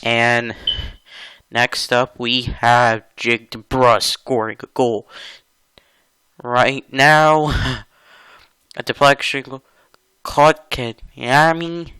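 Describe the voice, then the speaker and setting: A man's voice: medium pitch, steady tone, very slow, long pauses, pushed and bright, smooth, no room sound, poor audio. A man giving casual commentary over his own hockey video game clips, chatty, laughing often and getting exasperated. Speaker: gaming channel host.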